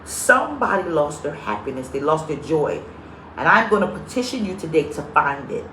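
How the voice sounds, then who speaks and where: A woman pastor with a low voice delivers a live-streamed sermon at normal speed, telling funny stories and greeting viewers by name along the way. She's a lively, comedic storyteller. The room is echoey, with slight background noise.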